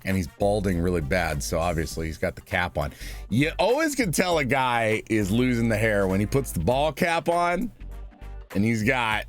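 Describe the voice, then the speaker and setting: A sarcastic man talking through a reaction video in a low voice. His pitch jumps around a lot as he mocks, trips over restarts and scoffs. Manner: sarcastic, scornful, rambling with restarts. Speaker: reaction commentator. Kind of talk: mocking reaction commentary.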